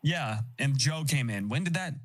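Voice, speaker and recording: A man's voice: mid-range voice, animated, moderate pace. A man in his thirties, a laid-back guest on a stream, chatting and cracking puns. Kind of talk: casual stream chat.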